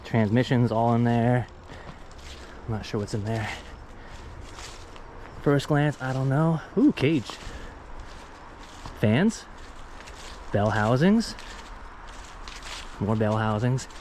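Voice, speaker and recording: A man's voice: medium pitch, expressive, takes it slowly, long pauses, darkish tone. Out-of-breath male vlogger, chatty self-narration, handheld camera mic outdoors, faint background noise. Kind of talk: casual vlog narration. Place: outdoor junkyard.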